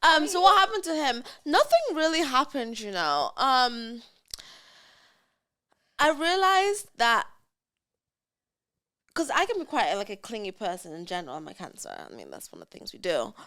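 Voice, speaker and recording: A woman hosts a relaxed podcast conversation and laughs often as she talks through her dating life. Her voice sits a bit high and moves lively up and down. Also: moderate pace, long pauses. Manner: laughs often, animated storytelling. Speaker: podcast host. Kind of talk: casual chat.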